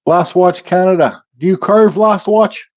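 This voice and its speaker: A man's voice: sits high, measured pace, muffled recording. A man hosting a casual livestream, chatting easily and reading out viewers' comments while he works in his home workshop. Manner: relaxed, reads chat comments aloud, mumbles. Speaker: livestream host.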